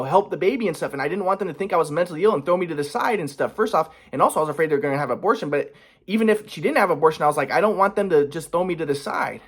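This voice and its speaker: A young man in a casual confessional vlog, rambling and agitated, swearing often with many restarts. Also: fairly high pitch. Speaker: vlogger.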